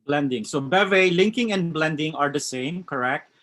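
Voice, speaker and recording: A man's voice: on the high side, normal speed, fairly bright tone. A man with a West Coast American accent teaching a live online English class, reading out chat answers and commenting on them.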